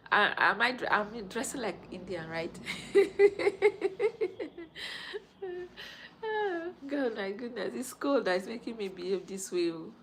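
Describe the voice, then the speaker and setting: A woman's voice: mid-range voice, big pitch swings, normal speed, fairly bright tone, a little hiss or hum, low-quality recording. A Nigerian woman, a mother in her thirties, chatting casually on a live stream, greeting viewers and laughing often.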